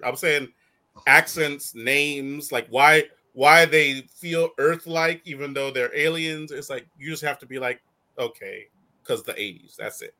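Animated, bright-voiced male host. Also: a little high. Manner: animated, laughing riffs. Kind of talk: casual chat.

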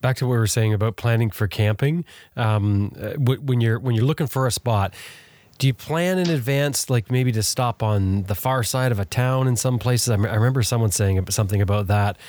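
Man hosting, asking halting questions. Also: medium pitch, darkish tone. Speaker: podcast host. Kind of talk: casual podcast chat.

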